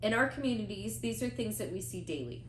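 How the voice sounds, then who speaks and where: A woman narrates scripted health education at an even, measured pace, setting out points one after another. The room gives her voice a clear echo, and a faint hum of ambience runs underneath. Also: mid-range voice. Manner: measured, lists items one by one.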